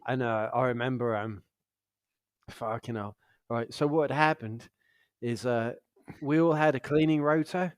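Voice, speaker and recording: A man's voice: medium pitch, a little slow, clear, resonant tone, dry recording, studio quality. A young man co-hosting a podcast, telling rowdy stories in casual chat, laughing often and swearing freely. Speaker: podcast co-host.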